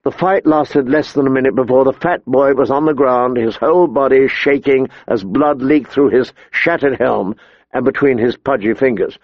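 A man reading an audiobook in a measured, steady storytelling manner. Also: medium pitch, no echo, lo-fi sound. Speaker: narrator. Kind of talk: audiobook narration.

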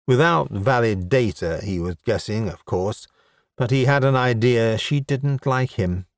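A male audiobook narrator reading at an unhurried pace with a wry, even delivery. His voice sits close and dry, with no room sound around it. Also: mid-range voice, no room sound. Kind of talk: scripted narration.

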